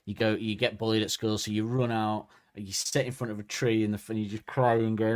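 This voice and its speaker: A man's voice: lowish voice, brisk, few pauses, no echo, studio quality. A man, co-hosting a podcast and chatting casually, joking and acting out quotes. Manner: animated, jokey, acts out quotes. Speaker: podcast co-host. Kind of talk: casual comedic chat.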